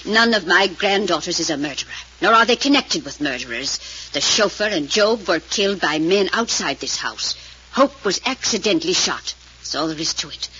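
A stern old matriarch, curt and dismissive. Her voice is sharp and breathy. It sounds like a muffled old radio recording. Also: on the low side, expressive, normal speed, exaggerated voice. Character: stern imperious grandmother, family matriarch. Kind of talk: 1940s radio acting.

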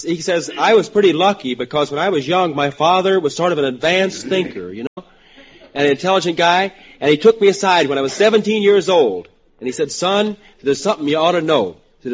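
A man with a faint West Virginia accent, a comedy writer pitching jokes on a radio panel in a playful, drawling, up-and-down way. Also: animated, fairly quick, breathy edge. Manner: drawling, playful, rising and falling talk. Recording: muffled old radio broadcast with studio audience.

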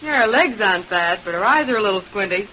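An actress playing a sharp-tongued young stage dancer who talks in tart, sarcastic remarks, in 1930s radio-drama style. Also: female voice, medium pitch, expressive, fast talker. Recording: dull, hissy old radio transcription.

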